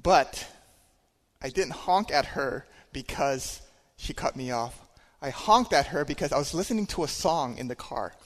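A man speaking as a church minister at a Sunday service, telling a story in a relaxed way with hesitations and chuckles. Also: a little high, a little slow. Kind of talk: sermon. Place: church sanctuary. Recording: long hall reverb.

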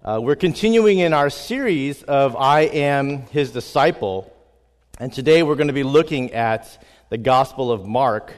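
Middle-aged man, hoarse, pastor's sermon, earnest, long reverb. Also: mid-range voice, animated, unhurried. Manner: earnest, frequent fillers, prays with repeated "God". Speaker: family pastor. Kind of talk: recorded sermon with prayer.

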